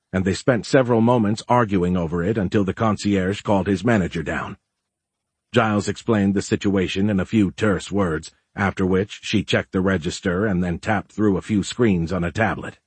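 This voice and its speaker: A man narrates a novel in a deep, slightly husky voice. His reading is measured and even. The recording is dry and close, with no room sound. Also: no room sound. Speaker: audiobook narrator. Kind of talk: scripted narration.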